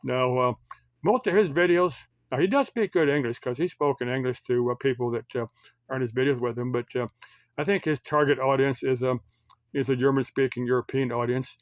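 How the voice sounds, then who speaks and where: A man's voice: mid-range voice, a little fast, dry recording. An American man giving casual, meandering commentary to his channel, full of fillers and restarts. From United States. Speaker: YouTube commentator.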